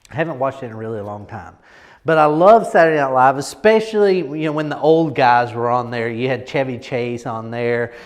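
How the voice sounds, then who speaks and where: A man's voice: mid-range voice, fairly quick, in a large hall. A man coaching a group on presentation, talking casually and emphatically and often checking in with "right?". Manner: emphatic, repeats words, lots of "right?". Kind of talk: casual teaching talk.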